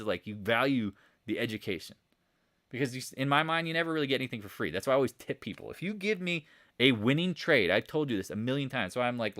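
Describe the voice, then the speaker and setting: A man hosting a live market chat, excitably answering viewer questions and talking straight to his viewers. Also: mid-range voice. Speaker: trading channel host.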